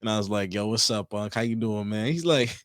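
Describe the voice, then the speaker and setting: Animated storytelling man, dry close mic. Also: fairly low pitch, fast, clean tone, dry recording. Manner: animated storyteller, swears freely. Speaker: podcast co-host. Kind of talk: casual chat.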